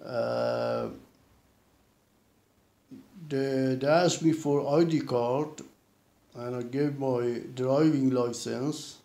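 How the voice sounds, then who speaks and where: A man works through his account at an unhurried pace, often restarting and leaning on repeated fillers. His voice is mellow and relaxed, and it echoes around the room. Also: medium pitch, vocal fry. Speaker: vlogger recounting a personal experience. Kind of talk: casual spoken account. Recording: roomy echo.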